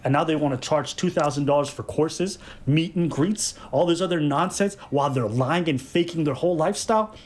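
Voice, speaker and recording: A man delivers fast-paced podcast commentary in a slightly raised voice, pressing each point with blunt repetition. His tone stays emphatic and insistent as he argues his case to the audience. The pace barely lets up between statements. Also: fairly high pitch, darkish tone. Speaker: podcast co-host.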